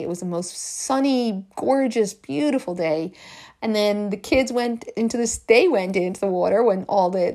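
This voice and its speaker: A woman's voice: medium pitch, a little mellow. A woman, a life coach, talking through a podcast monologue in an earnest, encouraging way, often repeating phrases for emphasis.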